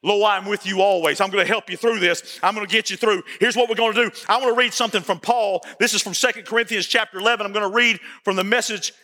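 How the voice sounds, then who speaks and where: A male pastor preaching a sermon, folksy and repetitive, building to shouts. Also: high voice, fairly even intonation, quick pace, few pauses, big-room sound. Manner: folksy, repeats phrases, rises to shouting. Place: church sanctuary.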